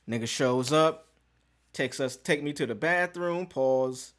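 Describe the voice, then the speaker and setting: A man casually telling a personal story, animated and profane, acting out conversations. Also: mid-range voice, unhurried. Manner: animated, profane, acts out dialogue.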